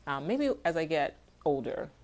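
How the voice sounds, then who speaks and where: A woman's voice: deep voice, very animated, normal speed, darkish tone. Candid, swearing woman on a livestream. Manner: candid, rambling, swears freely. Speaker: artist hosting a livestream. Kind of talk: casual livestream chat answering viewers. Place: home, livestream.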